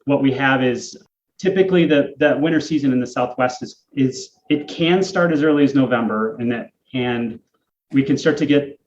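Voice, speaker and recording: A man's voice: medium pitch, moderate pace, a little mellow, a little hiss or hum. Man, casual climate explainer, roomy echo, muffled lo-fi sound. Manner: thinks aloud, explains with many fillers and restarts. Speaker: podcast co-host, climate expert. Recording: echoey, dull lo-fi remote audio.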